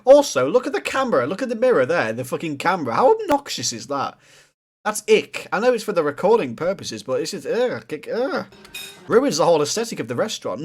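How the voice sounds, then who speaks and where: A man hosting a reaction video, talking bluntly and swearing often as he critiques what he watches. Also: a little high. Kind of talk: casual reaction commentary.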